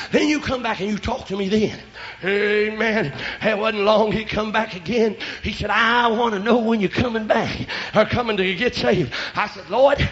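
A high, gravelly man preaching a revival sermon. He swings between fervent shouts and low, chatty asides. The sound is dull and lo-fi, like an old church tape. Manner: shouting in bursts, then dropping to quiet asides. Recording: lo-fi church recording.

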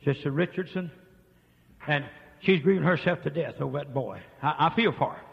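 A man preaching a revival sermon, swinging from hushed murmurs to shouts. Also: on the high side, moderate pace, gravelly. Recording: dull lo-fi tape with long reverb.

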